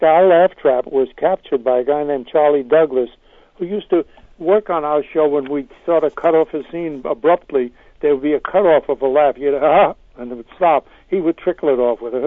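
An older man, a comedy writer, answering interview questions as he tells wry stories with halting restarts, heard over a phone line. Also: on the high side, no room sound.

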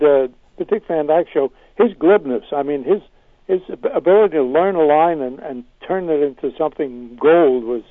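An older man tells a story slowly and wryly, stopping and starting again as he talks. His voice sits a little high. It comes through a dry, thin, phone-like line. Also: no echo. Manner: hesitant restarts, wry. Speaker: guest, comedy writer. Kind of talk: interview answers, storytelling.

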